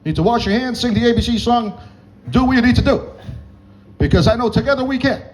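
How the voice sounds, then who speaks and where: A male comedian voicing a measured, stately older politician giving a speech. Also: very high voice, animated, voice pushed up. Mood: solemn. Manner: slow, stately pauses.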